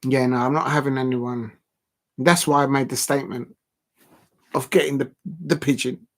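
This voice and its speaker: A man's voice: medium pitch, steady tone, moderate pace. A man, hosting a casual live stream, talking in a rambling, blunt way with many ums and restarts. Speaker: livestream host.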